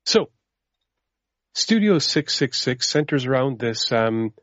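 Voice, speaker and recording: A man's voice: mid-range voice, sing-song, takes it slowly, a bit bright, dry recording, highs cut off. A man co-hosting a podcast, casually reviewing a horror film, rambling and swearing as he retells the plot. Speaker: podcast co-host. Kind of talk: casual movie review chat.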